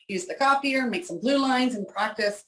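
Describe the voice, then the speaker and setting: A woman's voice: a little high, moderate pace, echoey room, low-quality recording. A woman, an inker guest in an interview, chatting casually and poking fun at herself. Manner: chatty, self-deprecating, laughs often.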